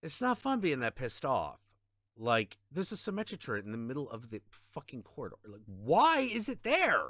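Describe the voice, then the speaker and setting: A man's voice: medium pitch, sing-song, a little fast, a bit bright, no echo, studio quality. A man streaming a video game, ranting in frustration with plenty of swearing and repeated half-finished phrases. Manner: trails off into mutters and repetitions. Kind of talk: casual gaming stream chat.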